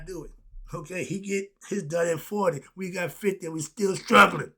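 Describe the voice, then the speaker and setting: A man's voice: on the high side, steady tone, fairly quick, pushed and bright. A man teaching philosophy in an informal, preachy way, full of rhetorical questions and asides.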